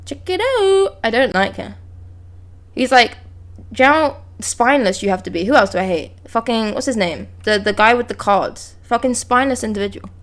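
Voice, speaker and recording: A woman's voice: fairly high pitch, animated, normal speed. Blunt, chatty woman streamer. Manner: chatty and blunt, swears freely, reads panels aloud. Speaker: streamer reacting to manga. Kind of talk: casual live reaction chat. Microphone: close desk mic.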